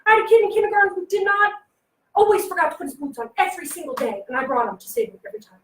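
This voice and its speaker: A woman giving a lively parenting workshop to a live audience, acting out children and adults in quick little voices. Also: very high-pitched, slight background noise. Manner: animated, acts out kids and adults in quick voices. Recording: echoey room, voice from a distance.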